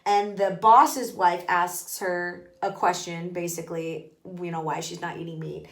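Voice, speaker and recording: A woman's voice: lowish voice, fairly even intonation, measured pace, gravelly, reverberant. A woman hosting a casual book podcast from her bathtub, rambling and emphatic, with frequent swearing. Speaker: podcast host. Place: bathroom, in a bathtub.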